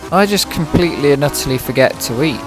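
A man's voice: fairly high pitch, animated, fast talker. A British man streaming a game, chatting casually in a dry, sarcastic-sounding way with plenty of swearing, close to the mic. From Britain. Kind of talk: casual livestream chat. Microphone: microphone close in front of the mouth. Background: music playing.

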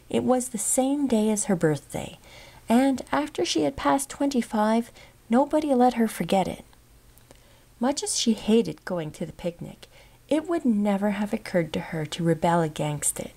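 Expressive woman reading a novel aloud. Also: medium pitch, vocal fry. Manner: measured, expressive reading with soft whispered moments. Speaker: audiobook narrator. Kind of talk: scripted narration.

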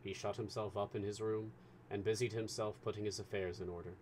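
A man reading a classic novel aloud as a storyteller, with measured, expressive narration. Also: fairly low pitch, slight background noise.

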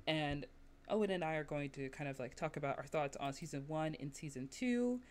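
A woman hosting a podcast, chatting casually, laughing often and acting out quotes in lively asides. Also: sits low, brisk. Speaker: podcast host.

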